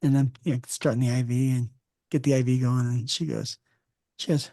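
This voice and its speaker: Gravelly, mellow-voiced male podcast host. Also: medium pitch, quick pace, no room sound, clean studio sound. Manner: relaxed storyteller who jokes. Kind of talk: casual conversational interview.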